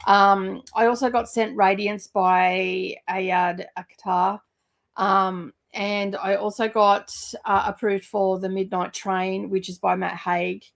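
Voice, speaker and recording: Chatty woman with a gravelly voice. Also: mid-range voice, little pitch movement, slow pace. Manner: chatty, rambling with many fillers. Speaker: book vlogger. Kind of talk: casual chat.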